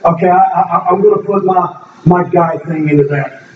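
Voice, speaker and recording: A middle-aged man with a high voice speaks at a moderate pace and with fairly even intonation, offering an emotional, rambling testimony to his congregation with frequent restarts. Crowd noise can be heard, and the recording is echoey, distant, dull and noisy.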